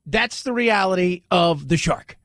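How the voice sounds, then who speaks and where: A man's voice: high voice, lively intonation, measured pace, vocal fry, fairly bright tone, no room sound, studio quality. A middle-aged man hosting a talk radio show, blunt and jokey, slipping into mocking voices. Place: radio studio.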